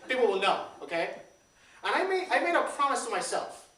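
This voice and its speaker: Speaking very high and fairly quickly, a male pastor in his 30s preaches a chatty sermon in a church sanctuary. Originally from Puerto Rico with Spanish as his first language, he's lively, repeats words, and asks the congregation questions, all captured on a far-off mic in an echoey room.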